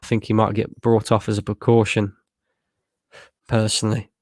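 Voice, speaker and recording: A man's voice: on the low side, completely flat delivery, moderate pace, dry recording, clean studio sound. A young man from Lincolnshire streaming a live football watchalong, reading chat aloud, chatty and sweary, laughing often. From Lincolnshire, England.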